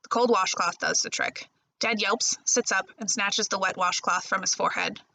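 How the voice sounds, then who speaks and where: A woman librarian reading a first-person novel chapter aloud in a steady storytelling voice. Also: mid-range voice, normal speed, creaky, a little hiss or hum, low-quality recording. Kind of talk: audiobook-style novel reading.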